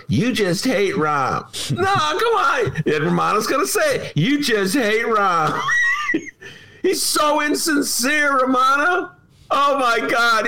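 Male co-host, sarcastic and heated, slightly high voice. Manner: sarcastic, laughs loudly, gets worked up. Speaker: podcast co-host. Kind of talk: casual political chat.

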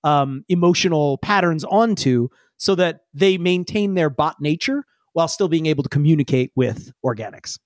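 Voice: medium pitch, animated, normal speed, few pauses, dry recording, studio quality. A game master narrating a tabletop game in a chatty way, explaining with many fillers.

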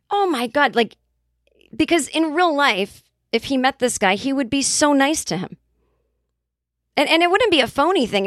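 A woman's voice: fairly high pitch, no echo, studio quality. A woman podcast host telling a casual comedic story, acting out the quoted voices of other people as she goes. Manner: animated, acts out quoted voices.

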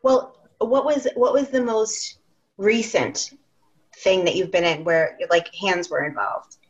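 A young woman hosts a relaxed podcast, asking her guest loose questions full of fillers. Her voice sits at a medium pitch, and the recording has a dull, lo-fi tone. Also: slow. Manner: asks questions with many fillers. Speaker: podcast host. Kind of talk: casual interview chat.

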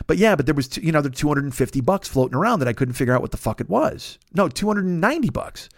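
A man's voice: a little high, big pitch swings, fast talker, no room sound, clean studio sound. A man hosting a podcast, telling a long personal story in a casual, profane and exasperated way into a microphone. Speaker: podcast host.

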